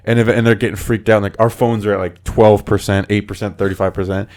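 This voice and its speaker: Male podcast host, lowish voice, rambling animated storyteller who acts out characters. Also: quick pace. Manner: animated, acts out quoted voices, lots of filler words. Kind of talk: casual storytelling chat.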